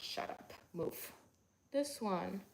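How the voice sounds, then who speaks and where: A woman's voice: mid-range voice, animated, very slow, gravelly, background noise. A tired young woman chatting casually to viewers on a livestream from her bedroom, talking to her dog now and then. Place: bedroom at home.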